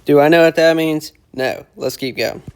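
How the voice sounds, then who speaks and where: A man teaching casually, breaking phrases down slowly and repeating them word by word as he explains their meaning. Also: a little high, fairly even intonation, darkish tone, smooth. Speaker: language teacher explaining song lyrics. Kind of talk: casual lyric breakdown lesson.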